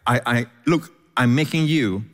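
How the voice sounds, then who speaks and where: A man's voice: medium pitch, measured pace, a bit bright, big-room sound. A man preaching a sermon, often restarting and repeating words, punctuated with frequent amens. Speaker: pastor.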